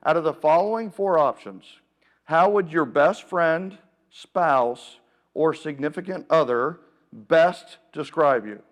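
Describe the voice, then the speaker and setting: A man giving a keynote talk at a live seminar, energetic and playful, calling out to the audience and getting them to join in. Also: fairly high pitch. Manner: energetic, playful, calls out to the crowd. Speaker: keynote speaker. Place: event room with a live audience.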